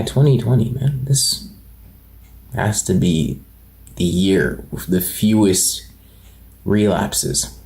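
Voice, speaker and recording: A man's voice: low-pitched, creaky, darkish tone. Earnest young man, echoey room. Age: 20s. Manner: earnest, rambling, many fillers and restarts. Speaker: motivational channel host. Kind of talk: personal vlog monologue.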